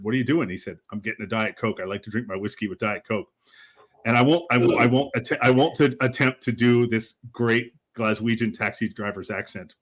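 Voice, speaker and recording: A man hosting a casual live show, chatting enthusiastically and telling stories. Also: on the low side. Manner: enthusiastic storyteller, laughs easily. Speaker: host. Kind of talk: casual chat.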